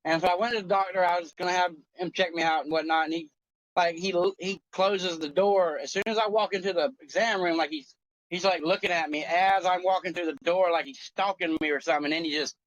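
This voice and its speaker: A man in his forties on a talk show, telling a story in an animated, profane, joking way. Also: sits high, brisk, dry recording, muffled recording. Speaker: co-host. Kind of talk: casual chat.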